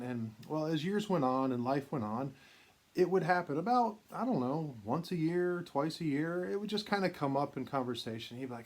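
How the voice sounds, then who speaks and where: Speaking at a moderate pace in a mid-range voice, a man who collects vintage cards and runs his own channel rambles through a lengthy personal anecdote, restarting often and leaning on fillers.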